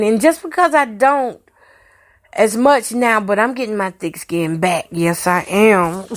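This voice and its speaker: A woman hosting a podcast, telling a personal story candidly and emotionally and speaking to her listeners directly. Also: on the high side. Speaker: podcast host.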